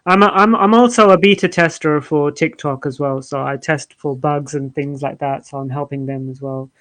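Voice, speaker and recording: A man chatting casually as host of a live music stream, relaxed and full of restarts. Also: on the high side, moderate pace, no room sound, low-quality recording. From United Kingdom.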